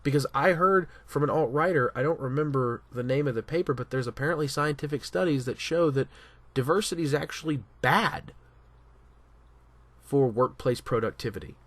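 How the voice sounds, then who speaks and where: A man giving casual commentary in an ordinary middle-pitched voice. He sounds animated and emphatic, and he often stops and restarts his sentences. The recording is dry and close, with no room sound. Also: moderate pace, dry recording. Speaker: commentary vlogger.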